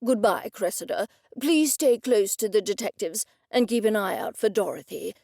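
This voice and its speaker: A stubborn old gentleman speaks with fussy, indignant formality, as a woman narrator puts him on. The voice has a gravelly grain. It sits close and dry. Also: mid-range voice, lively intonation, moderate pace, no echo. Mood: gallant. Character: elderly gentleman, pompous and stubborn.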